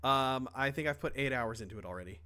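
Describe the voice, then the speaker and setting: Young guy on a podcast, rambly, lots of ums and likes, swears casually, middle pitch. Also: fast, pushed and bright, clean tone. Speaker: podcast co-host. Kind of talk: casual chat.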